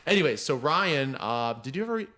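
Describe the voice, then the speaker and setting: A man guesting on a podcast, telling a story in casual chat and acting out the people he quotes. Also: a little fast. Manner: animated, acts out quoted people with raised pitch. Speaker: podcast guest, mindset coach.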